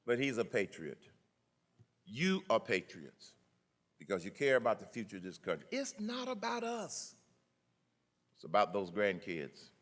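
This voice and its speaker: An older man delivering a rousing political speech at a conference, building to loud emphatic peaks. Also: deep voice, very animated, normal speed. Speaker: conference keynote speaker. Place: conference hall.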